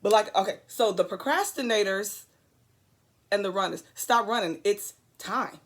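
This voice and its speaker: A woman delivers an earnest motivational talk straight to the camera, preachy and emphatic, repeating her key phrases for weight. Her voice sits at a mid pitch, and she wanders into loose, chatty asides between the urgings. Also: normal speed. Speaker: vlogger.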